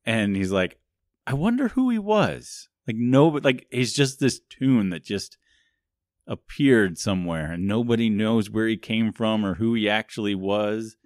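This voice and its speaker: A podcast co-host goes over a movie in a fairly low, fairly even voice at a measured pace. He's casual and rambling, laughs a lot, says "like" often, and makes self-mocking jokes, all in a dry studio recording.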